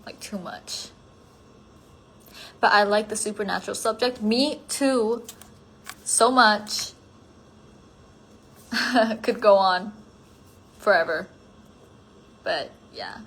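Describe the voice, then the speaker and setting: A tired woman rambles through a casual solo phone livestream, replying to fan comments with thoughts that drift and plenty of "like" fillers. She speaks slowly with long pauses and a breathy edge at medium pitch, at times sinking to a soft near-whisper.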